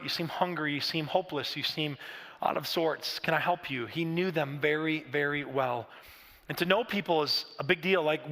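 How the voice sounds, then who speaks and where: A man's voice: fairly high pitch, fairly bright tone, in a large hall. A middle-aged man preaching a sermon in a conversational, storytelling way with frequent restarts and asides. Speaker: pastor. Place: large church auditorium.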